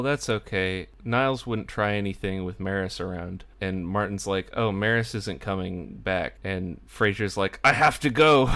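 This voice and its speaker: A man's voice: fairly low pitch, a bit bright, smooth. A young man casually recapping a sitcom episode for his vlog, chatty and full of "like" asides. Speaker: TV episode reviewer.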